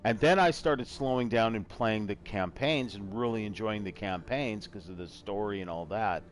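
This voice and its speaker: A man's voice: on the low side, moderate pace, a little hiss or hum. A middle-aged man hosting a casual gaming chat show, talking in a rambling, self-deprecating way. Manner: rambling, self-deprecating, slips into a joking put-on accent. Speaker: podcast host.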